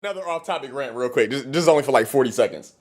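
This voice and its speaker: A man's voice: medium pitch, very fast. A man making a heated, profane monologue video, ranting to the camera as a content creator. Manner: heated, profane, animated rant.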